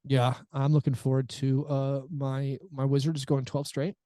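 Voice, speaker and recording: A man's voice: medium pitch, flat delivery, a little slow, warm tone, no room sound. A man co-hosting a sports podcast in casual chat, talking loosely and restarting his sentences. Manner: chatty, restarts mid-sentence. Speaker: podcast co-host.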